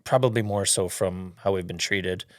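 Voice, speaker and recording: A man's voice: deep voice, normal speed, no room sound, clean studio sound. A man from Canada hosting a casual podcast conversation, agreeable and laid-back, swearing now and then. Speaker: podcast host.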